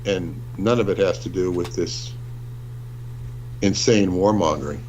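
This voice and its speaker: Slow, low-voiced man on dull audio. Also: a little mellow, slight background noise. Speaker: livestream co-host. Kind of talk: livestream discussion.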